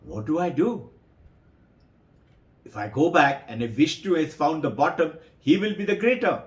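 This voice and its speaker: A man's voice: a little high, animated, moderate pace, reverberant, lightly acted. A man voicing a proud, boastful male creator god, in a raised, indignant voice. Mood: worried.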